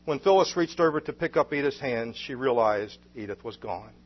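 Husky-voiced preacher telling a story. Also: male voice, mid-range voice, animated, normal speed, dull audio. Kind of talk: sermon storytelling.

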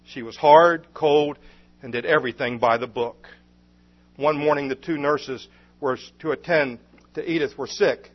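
A man's voice: on the high side, unhurried. A man preaching, telling a story in an earnest, emphatic way on a dull lo-fi recording. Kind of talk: sermon storytelling.

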